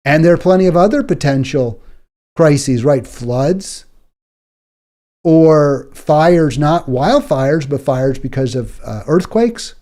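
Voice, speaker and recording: A man's voice: fairly high pitch, expressive, slow, warm tone. A man hosting a political talk show, delivering an indignant, exasperated monologue and stumbling over repeated words when worked up.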